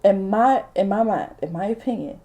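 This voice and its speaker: A woman in her late twenties telling a casual storytime while doing her makeup, blunt, animated and full of profanity. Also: mid-range voice, normal speed. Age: late 20s. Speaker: vlogger.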